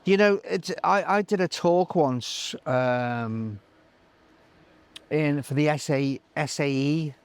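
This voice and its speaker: A middle-aged live sound engineer telling animated stories in an interview, acting out other people's voices with many restarts. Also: male voice, fairly high pitch, slow, clear, resonant tone. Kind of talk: anecdotal interview chat.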